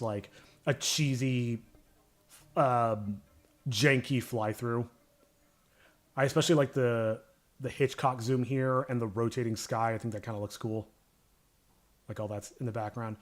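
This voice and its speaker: A man streaming his animation work live, chatting casually with viewers and thinking aloud. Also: mid-range voice.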